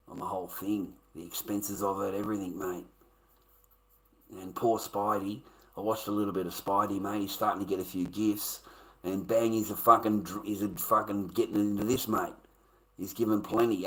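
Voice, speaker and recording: A man's voice: on the low side, fairly bright tone, low-quality recording. An Australian man talking casually to his live-stream audience, coarse and emphatic, swearing often.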